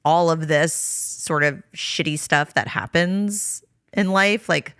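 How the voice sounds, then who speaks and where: A young woman with a low yet bright, forceful voice talks loosely as a podcast co-host, filling her sentences with "like" and "you know". The sound is dry and close, with almost no room around her. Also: slow, clear, resonant tone, dry recording. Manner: rambling, many fillers like "like" and "you know". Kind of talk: casual chat.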